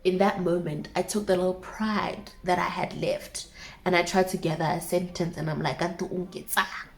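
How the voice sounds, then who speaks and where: A woman's voice: fairly low pitch, fairly even intonation, normal speed, vocal fry. A young woman in her twenties with a South African accent, casually telling a dramatic personal story to her viewers with asides. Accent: South African English.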